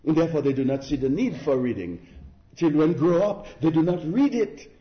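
A man's voice: on the high side, animated, brisk, roomy sound, muffled recording. A man preaching a sermon in an earnest, exhorting manner, with rhetorical questions and emphatic repetition.

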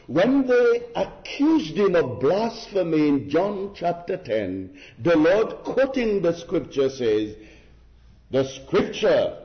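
A man preaching a sermon in a slow, deliberate, emphatic way, with rhetorical asides to his listeners. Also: a little high. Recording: muffled lo-fi sermon recording.

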